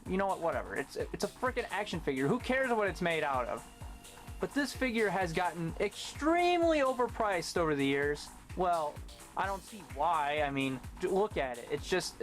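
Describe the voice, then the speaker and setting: Talkative man rambling through a toy review. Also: sits high. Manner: talkative, rambling, sarcastic asides. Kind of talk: casual review vlog.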